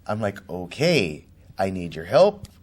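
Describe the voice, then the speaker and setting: A man with a low, sing-song voice speaks a little slowly. He's being interviewed as a political candidate and tells a personal story vividly, acting out the voices of the people involved.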